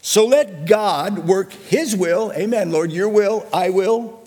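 A middle-aged male pastor preaching a sermon, emphatic, swinging from hushed lows to loud shouted declarations, with a husky voice. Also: slow pace.

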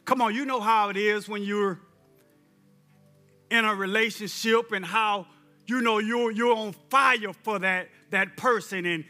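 A man's voice: high-pitched, fairly even intonation, measured pace, bright, forceful tone, faint music behind. A man preaching a sermon, telling a story conversationally with many repetitions and urging his listeners fervently. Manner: fervent exhortation in the closing.

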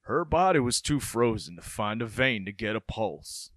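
A man voicing a small-town male doctor with a put-on Southern US accent, speaking slowly in an awed drawl. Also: lowish voice, expressive, a bit bright, no room sound, clean studio sound. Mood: amazed.

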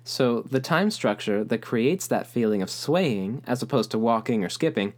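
A man narrating a music lesson in a clear, explanatory way, now and then chanting rhythm syllables aloud. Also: mid-range voice. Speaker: music teacher.

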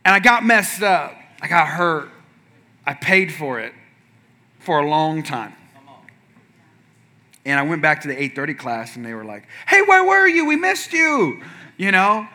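High, bright-voiced pastor telling stories. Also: male voice, a little slow, pauses often. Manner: animated, acts out quotes with sudden shouts. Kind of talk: humorous sermon storytelling.

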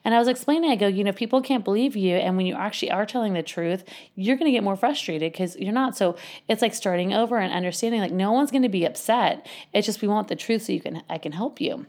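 A woman's voice: mid-range voice, fast talker, darkish tone. A woman who works with children, telling a story casually and animatedly, acting out voices and laughing often.

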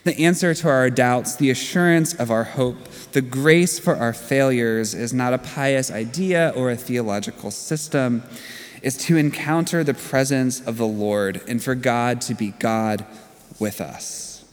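A man's voice: medium pitch, unhurried. A man in his thirties preaching a sermon as pastor, earnest and conversational, telling stories to make his points. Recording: long hall reverb.

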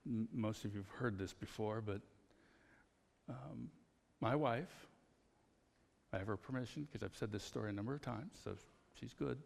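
A man preaching a conversational sermon as pastor, telling personal stories in an animated way. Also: lowish voice, normal speed, creaky, pauses often, in a large hall.

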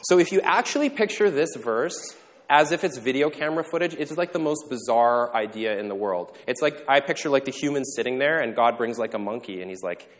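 A male pastor giving a conversational sermon, joking in quick asides and checking in with the congregation. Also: mid-range voice, animated. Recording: long reverb in a large hall.

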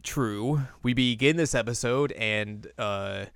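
A man's voice: medium pitch, slow, gravelly, a bit bright, no room sound, studio quality. Chatty young man hosting a podcast. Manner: chatty, acts out quotes in silly voices. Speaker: podcast host. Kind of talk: casual recap chat.

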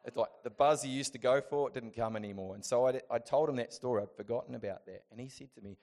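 A man talks through a personal story in a relaxed, chatty way, at an ordinary middle pitch. He laughs between phrases and now and then throws himself into loud, high acted bursts of what he said at the time. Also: fast talker. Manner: animated storytelling, acts out his own past voice in loud high bursts. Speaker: Christian vlogger sharing a testimony. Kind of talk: casual personal testimony.

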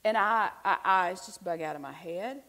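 A woman's voice: on the low side, normal speed, low-quality recording. A woman giving a conversational sermon, telling stories and asking the congregation rhetorical questions. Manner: chatty, animated storytelling with rhetorical questions to the congregation. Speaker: preacher.

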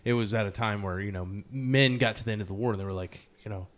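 Man, podcast host, lowish voice, loose rambling delivery, lots of fillers, earnest and open. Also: fast. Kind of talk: casual interview chat.

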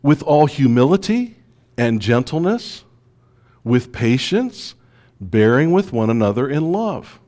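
In a slow, sing-song delivery at medium pitch, a pastor works through his sermon. Rhetorical questions aimed at the congregation punctuate a rhythm that swings between whispered asides and emphatic declarations.

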